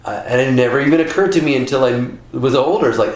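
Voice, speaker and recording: A man from California, a podcast guest, chatting casually and telling lively stories that slip into impressions. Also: medium pitch, fast, slight background noise. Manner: animated storyteller who slips into voices. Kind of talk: casual chat. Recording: echoey room.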